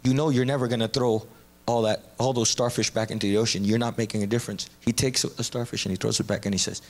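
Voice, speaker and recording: A man's voice: fairly low pitch, steady tone, quick pace. A man, a guest on a talk show, speaking enthusiastically and retelling a parable. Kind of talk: casual talk show discussion.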